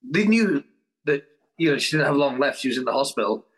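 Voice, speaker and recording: Husky laid-back podcast host, a man. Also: medium pitch, animated, fairly quick. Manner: laid-back, slangy, loose. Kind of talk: casual chat.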